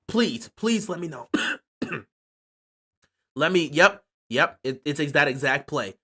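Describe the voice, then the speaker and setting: A man's voice: fairly high pitch, lively intonation, slow pace, sharp tone. A man hosting casual sports talk, impassioned and repeating himself with stammering restarts. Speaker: sports channel host.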